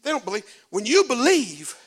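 A man preaching a sermon in church, folksy and colloquial, swinging from hushed asides to shouted exhortation. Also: extremely high pitch, huge pitch swings, normal speed.

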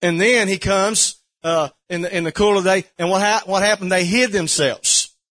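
A man preaching a sermon, fervent and building to shouts with repeated questions. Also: high-pitched, fairly even intonation, moderate pace.

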